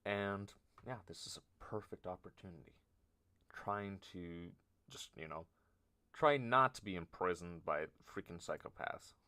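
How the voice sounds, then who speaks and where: A man streamer improvising a story aloud, halting and nervous, often trailing off and poking fun at himself. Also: low voice, pushed and bright. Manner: halting, nervous, self-deprecating.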